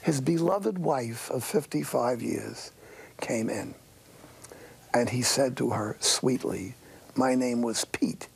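An older man preaches slowly, telling stories in a wry, earnest way. His voice is deeply raspy and breathy, with a gravelly rasp, and it often drops to a hushed near-whisper. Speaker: priest. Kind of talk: sermon.

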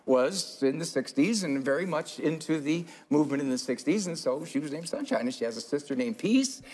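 Lively, joking man speaking on stage. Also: fairly high pitch, fairly quick, breathy edge. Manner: joking, teasing volunteers, chuckling. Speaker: parenting speaker. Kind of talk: live seminar talk with audience role-play.

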